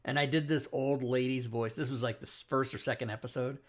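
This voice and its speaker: A man's voice: mid-range voice, fairly even intonation, a little fast. A man hosting a talk show, chatting casually and animatedly, swearing now and then. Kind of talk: casual chat.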